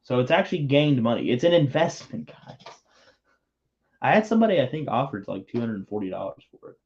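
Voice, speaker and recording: A man hosting a casual build livestream, talking in a loose, rambling way and teasing his co-host. His voice sits at a middle pitch. The audio is muffled and lo-fi. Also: sing-song, brisk, darkish tone. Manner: rambling, teasing banter with frequent restarts.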